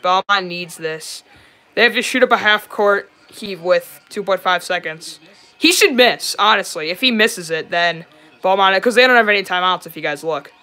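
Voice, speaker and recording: A young man streaming a live reaction to a basketball game, excitable and prone to yelling at the plays, then apologizing. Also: sits high, moderate pace. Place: home room, dog nearby.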